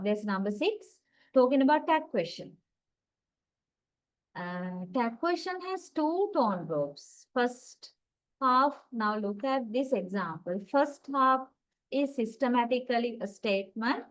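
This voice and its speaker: A woman with a fairly high voice teaches a university lecture. She explains each point step by step and often checks in with the class. She also says example sentences aloud to show how they sound. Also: rough recording. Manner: demonstrates intonation with spoken examples.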